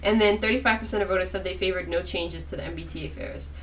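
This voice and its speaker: A woman's voice: lowish voice, fast talker. Young woman co-hosting, distant mic. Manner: laughing, playful, slangy. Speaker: podcast co-host. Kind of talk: casual chat. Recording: distant mic, faint noise.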